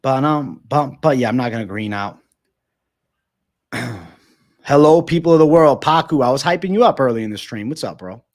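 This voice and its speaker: During a casual livestream Q&A, a man reads viewer messages aloud and answers in a loose, joking, profane style. He's animated and speaks at normal speed, often trailing off low and quiet at the end of his answers.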